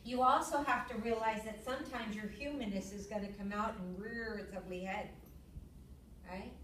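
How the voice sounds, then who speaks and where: Lively woman lecturing in an echoey classroom. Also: a little hiss or hum. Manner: lively storyteller, acts out her own yelling in a high voice. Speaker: yoga teacher. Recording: echoey room, far from the mic.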